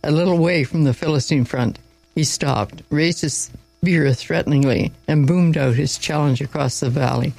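A man's voice: a little high, moderate pace, vocal fry, a little mellow, faint music behind, low-quality recording. A man reading a Bible story aloud in an informal way, with small slips and asides along the way.

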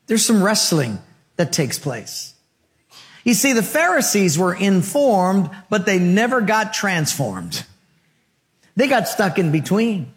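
A male pastor preaching a sermon in a church, animated and storytelling, putting questions to his congregation. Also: high-pitched.

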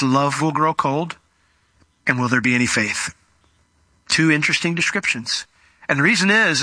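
Bright-voiced animated preacher. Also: male voice, a little high, no echo. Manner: animated, conversational, acts out scenes. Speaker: pastor. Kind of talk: sermon.

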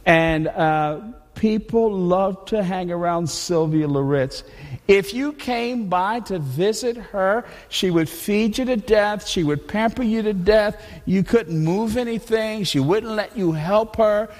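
A man preaching a sermon in a conversational, animated way, often restarting his sentences. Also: high-pitched, slow pace, in a large hall. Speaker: pastor. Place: church.

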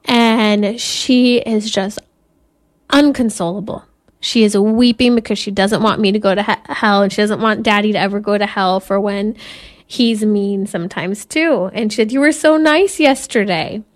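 A woman who is a Catholic speaker and mother, giving an earnest, measured spiritual talk and sometimes laughing softly. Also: medium pitch, fairly even intonation.

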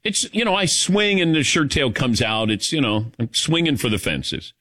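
Animated man rambling on talk radio. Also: a little high, normal speed. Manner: rambling, animated, many fillers. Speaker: radio show host. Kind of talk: casual talk radio storytelling.

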